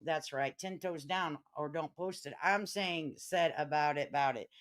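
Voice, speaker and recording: A middle-aged woman with a Chicago accent hosts a casual live stream, speaking brashly and profanely and getting riled up and loud. Her voice is low and her pace measured.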